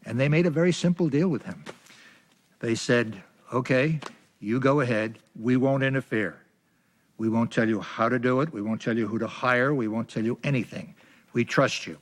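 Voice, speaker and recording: A man's voice: medium pitch, moderate pace. An older man in a documentary interview, recalling a partnership in a plain, reflective way. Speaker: interviewee recalling his career.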